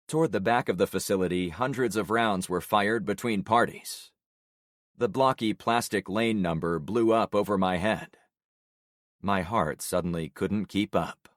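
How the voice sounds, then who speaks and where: A man reading a first-person audiobook in a steady, measured storytelling manner. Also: sits low, no room sound, studio quality. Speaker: narrator.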